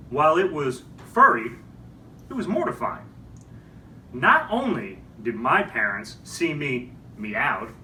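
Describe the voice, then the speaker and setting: A man voicing a pompous, formal gentleman storyteller in a theatrical, ceremonious manner. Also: medium pitch, far from the mic, full character voice. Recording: echoey room, off-mic, faint noise.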